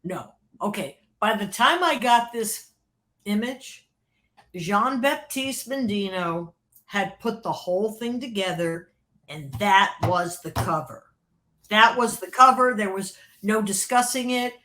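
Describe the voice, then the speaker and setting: An older woman recalling her years in album design, telling anecdotes in a lively, animated way and laughing often. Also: mid-range voice, takes it slowly. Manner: animated, laughs often, acts out quoted voices. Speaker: interview guest, former record label creative director. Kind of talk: casual storytelling.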